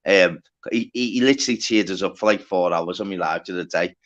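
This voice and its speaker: A man hosting a livestream, telling a story in a lively, sweary way. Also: deep voice, fast talker. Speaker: livestream host. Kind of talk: casual livestream chat. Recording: dull lo-fi stream audio.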